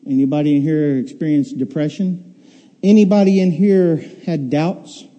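Male preacher, sermon, emphatic rhetorical questions, dark mellow voice, long hall reverb. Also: fairly high pitch, steady tone, moderate pace. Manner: emphatic, repeats key words and rhetorical questions. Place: church hall with congregation.

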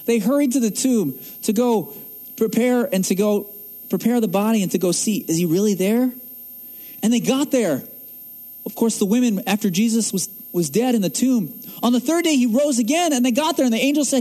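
A male pastor delivers a sermon with emphatic phrasing, pressing his listeners with questions. His voice sits very high for a man. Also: expressive, normal speed, a little mellow. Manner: emphatic, rhetorical questions to the congregation.

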